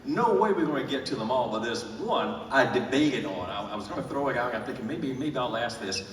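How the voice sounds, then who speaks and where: A man's voice: medium pitch, animated, fairly quick, slight background noise. A man hosting a live stage interview, chatting and asking questions from his notes. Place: large indoor event hall. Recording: roomy hall from far off, crowd behind.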